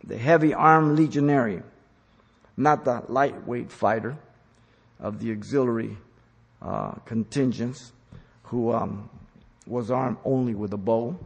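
A man preaching a sermon, teaching in an emphatic style that rises to loud commands. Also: mid-range voice, a little slow, creaky, long pauses, breathy edge. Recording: long hall reverb.

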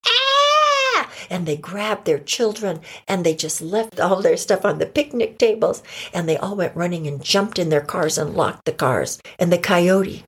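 A woman improvising a children's story, voicing the characters with big jumps in pitch and dropping into whispers. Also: normal speed, husky.

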